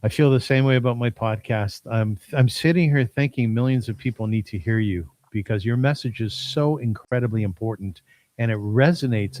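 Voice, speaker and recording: A man's voice: medium pitch, brisk. A man from Canada hosting a podcast interview, talking effusively and repeating himself for emphasis. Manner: warmly effusive, emphatic repetition. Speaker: podcast host.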